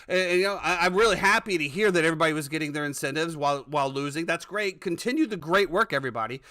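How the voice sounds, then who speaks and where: High, bright-voiced ranting man. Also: rapid-fire. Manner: profane, ranting sports fan. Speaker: podcast host. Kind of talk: casual sports talk.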